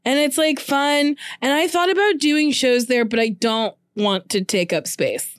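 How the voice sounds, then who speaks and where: A woman co-hosting a casual chat podcast, blunt and profane, telling animated stories. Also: high-pitched, unhurried, no echo, studio quality. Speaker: podcast co-host.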